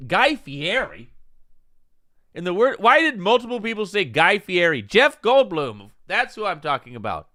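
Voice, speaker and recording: A man hosting a casual live stream, rambling and excitable with frequent swearing. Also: high-pitched, moderate pace, no echo, clean studio sound. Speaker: streamer host.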